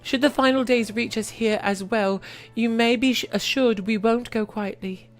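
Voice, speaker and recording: A woman gives voice to a steadfast young ally, speaking gently but firmly with a bright, slightly raised pitch. Her lines are earnest and resolute, with faint music under them. This is a video game cutscene. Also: steady tone, normal speed, lightly acted. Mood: reassuring.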